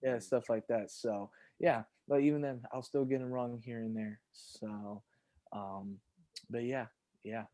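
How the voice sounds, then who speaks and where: Animated storytelling man, dry close mic. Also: unhurried, dry recording. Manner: animated storyteller, jumps high when quoting himself. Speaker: podcast co-host. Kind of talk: casual chat.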